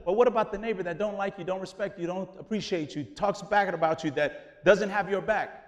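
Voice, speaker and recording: A man preaching a sermon in an animated, conversational way, dropping casual slang as he explains. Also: high voice, brisk, long reverb tail. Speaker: pastor.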